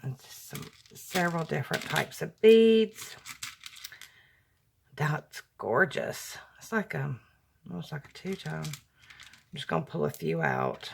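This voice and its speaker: Woman crafter, slow unhurried unboxing chat, slightly low voice, gushing. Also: sing-song, creaky, slight background noise. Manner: gushing, slow and soft-spoken. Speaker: crafting YouTuber opening happy mail.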